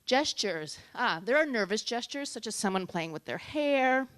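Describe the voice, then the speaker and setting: A woman giving a talk on public speaking at a tech meetup, lively and shifting between loud and soft for emphasis. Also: a little high, moderate pace, no room sound. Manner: lively, varies loudness and pace for emphasis.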